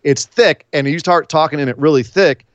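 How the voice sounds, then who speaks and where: An American man co-hosting a wrestling podcast, talking in a rambling, animated casual chat with many fillers. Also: on the high side, moderate pace, no echo. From United States.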